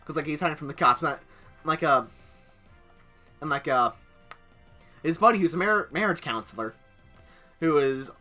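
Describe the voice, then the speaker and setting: A man's voice: fairly high pitch, bright, forceful tone. A young man casually narrating over gameplay, rambling through a story with many filler words. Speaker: gaming channel host.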